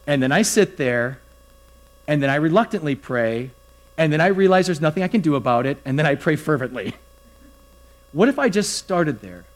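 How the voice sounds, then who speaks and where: A man's voice: a little high, normal speed. Conversational male pastor preaching. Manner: conversational, animated storytelling with acted-out quotes. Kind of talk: sermon.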